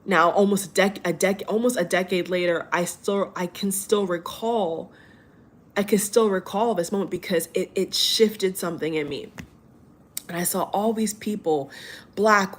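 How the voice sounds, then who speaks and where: A woman in her late twenties who hosts a spiritual channel, telling a personal story in an earnest, emotional way and often restarting and repeating her phrases. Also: mid-range voice. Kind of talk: heartfelt personal monologue.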